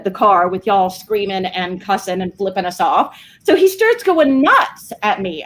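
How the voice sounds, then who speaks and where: A woman, telling an animated story on a casual video call chat and laughing often. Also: medium pitch. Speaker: co-host.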